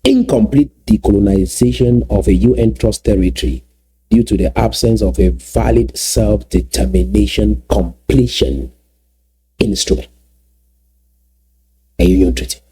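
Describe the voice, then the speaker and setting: A man giving solo video commentary, emphatic and repeating key phrases slowly for effect. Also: fairly low pitch, lively intonation, warm tone, husky. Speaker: political commentator.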